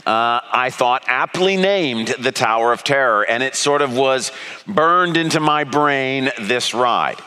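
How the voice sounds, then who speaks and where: A middle-aged man preaching, telling a personal story with animated, self-mocking delivery as he acts out his own panic. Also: mid-range voice, measured pace, clean tone. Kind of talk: sermon storytelling.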